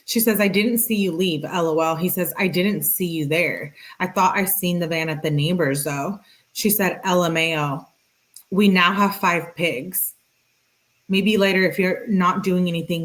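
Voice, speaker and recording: Low-voiced woman reading messages aloud. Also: moderate pace. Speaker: commentary host reading text messages. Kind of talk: reading texts aloud with commentary.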